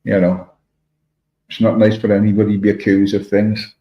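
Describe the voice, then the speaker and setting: A man's voice: fairly low pitch, little pitch movement, normal speed. A man from Wales with a Welsh accent, rambling in casual chat and greeting viewers by name as he hosts a livestream. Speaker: livestream host reading chat. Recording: echoey room, dull lo-fi sound.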